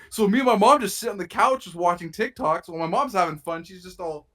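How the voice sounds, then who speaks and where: A man's voice: high-pitched, animated, fast talker, bright, forceful tone. A young man co-hosting a podcast, telling a rambling story in casual chat with lots of swearing and slang, his nose a bit stuffy. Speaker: podcast co-host.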